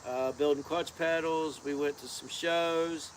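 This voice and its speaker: Folksy rambling man for a casual outdoor live chat, higher-set voice, faint insect noise. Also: fairly even intonation, measured pace. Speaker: co-host of a car-build channel.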